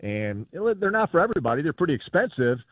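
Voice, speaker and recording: A male golf reporter with a higher voice calls into a radio interview and spins stories at a quick clip, performing the voices he quotes with animation. The phone line sounds tinny, and there's no room sound.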